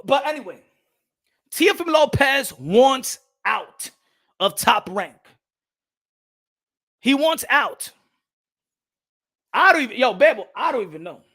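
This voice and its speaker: A man's voice: extremely high pitch, sing-song, slow pace, pauses often, bright, forceful tone. A man from the Caribbean hosting a boxing channel, ranting bluntly and repetitively, swearing and slipping Spanish phrases into his English. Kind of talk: opinionated rant to camera.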